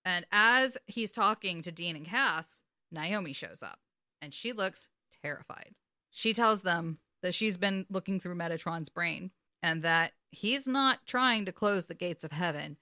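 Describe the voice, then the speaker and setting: A woman's voice: lowish voice, expressive, measured pace, sharp tone, no room sound, studio quality. A woman co-hosting a podcast who animatedly retells episodes, swears freely and acts out the characters' lines. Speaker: podcast co-host. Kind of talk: casual recap chat.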